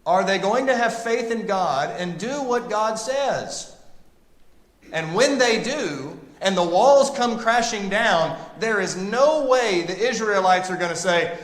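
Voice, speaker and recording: A man teaching a Bible class, talking to the group in an animated, emphatic way. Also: high-pitched, slow. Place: church classroom. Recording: echoey room with long reverb.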